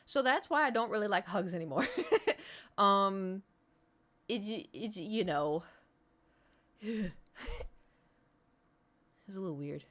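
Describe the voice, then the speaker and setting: A woman's voice: medium pitch, animated, slow pace, long pauses, fairly bright tone. A woman streamer telling a story in casual, rambling chat, full of fillers and restarts. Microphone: streaming setup.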